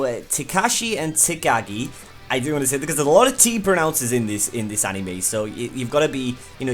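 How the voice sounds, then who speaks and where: Young male reviewer, casual and eager, lots of fillers, faint music bed. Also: mid-range voice. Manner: chatty and enthusiastic, many fillers. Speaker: anime reviewer.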